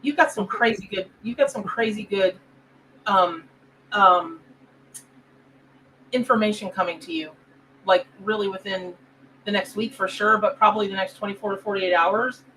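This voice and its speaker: A woman's voice: medium pitch, normal speed, long pauses, sharp tone, recorded from a distance, a little hiss or hum, poor audio. A woman hosting a live tarot stream, bubbly and chatty with her viewers. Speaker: tarot reader and show host. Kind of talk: live stream chat reading.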